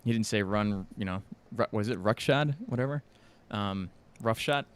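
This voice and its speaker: A man co-hosting a podcast in casual chat, animated and laughing often, slipping into impressions of people in his stories. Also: lowish voice, moderate pace, clean tone. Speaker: podcast co-host.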